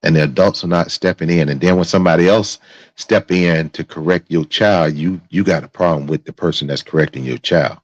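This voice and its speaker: A man with an extremely low, deep voice delivers heated commentary as host of his own stream, cursing and circling back over his words. The sound is dry and a little dull, like a close, lo-fi mic. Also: brisk, no room sound. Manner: angry, profane, repeats himself.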